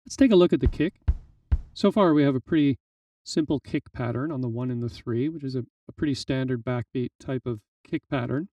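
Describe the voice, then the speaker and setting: A man teaching drum programming in a relaxed, explanatory way, with frequent fillers, in a screen-recorded software tutorial. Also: mid-range voice, brisk, recorded from a distance, soft background music. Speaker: music tutorial instructor.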